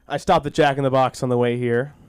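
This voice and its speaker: A man working a small comedy school stage at an open mic, rambling through his set with stops and restarts. His voice comes across smooth and clean, close and dry on a handheld mic. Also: mid-range voice, fairly even intonation, dry recording. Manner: rambling, halting, with frequent restarts; self-deprecating and goofy. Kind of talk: stand-up comedy and recited monologue at an open mic.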